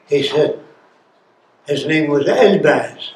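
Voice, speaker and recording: A man's voice: on the high side, unhurried, a little mellow. Very old man telling emphatic stories. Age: over 90. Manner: emphatic, asks rhetorical questions. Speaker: guest. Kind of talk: storytelling in an interview. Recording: roomy with faint noise.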